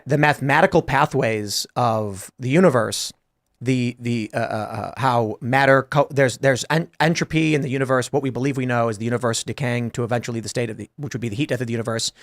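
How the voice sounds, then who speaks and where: A man's voice: medium pitch, fairly quick, fairly bright tone. A man hosting a casual panel talk show, telling a story and acting out both sides of a conversation. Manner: thinking aloud through abstract ideas. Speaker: podcast host.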